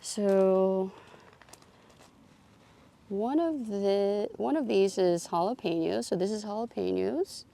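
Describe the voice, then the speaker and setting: A woman's voice: medium pitch, slow pace, vocal fry, long pauses, warm tone. A woman giving a casual, chatty tour of her outdoor garden, thinking aloud as she films on a phone. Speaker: gardening vlogger.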